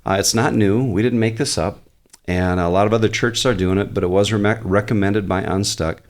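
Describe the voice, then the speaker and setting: In a laid-back podcast interview, a pastor speaks at normal speed in a notably low male voice. Earnest and conversational, with touches of easy humor, he explains things at length, thinking aloud and frequently restarting his points.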